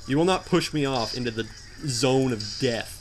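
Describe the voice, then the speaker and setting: A young man giving jokey, animated commentary while playing a hard video game, often shouting in frustration. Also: medium pitch, normal speed, a little hiss or hum. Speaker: gameplay commentator. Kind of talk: let's play commentary.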